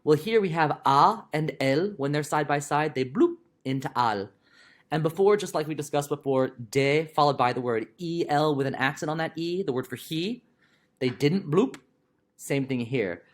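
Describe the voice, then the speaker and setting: A man teaching a recorded video lesson, his pitch swinging up and down as he explains. His tone is chatty and playful, and he breaks off now and then for quick asides to the viewer. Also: expressive. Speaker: Spanish teacher.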